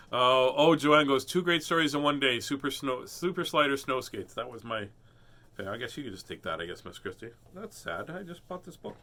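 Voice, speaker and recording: A middle-aged man casually telling a personal story and then reading a picture book aloud, animated and chuckling often. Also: medium pitch, moderate pace, a little hiss or hum. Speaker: host reading children's books.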